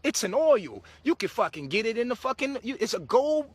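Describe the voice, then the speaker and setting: A man's voice: very high-pitched, sing-song, fairly quick, slight background noise. A man giving a casual spiritual monologue to his viewers, preachy and swearing freely, often breaking into laughter. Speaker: spiritual vlogger.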